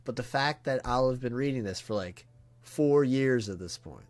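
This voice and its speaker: A man streaming a live reaction, awestruck and emotional, talking in halting bursts that trail off and restart. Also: medium pitch, lively intonation. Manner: emotional and earnest. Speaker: streamer reacting to a comic chapter.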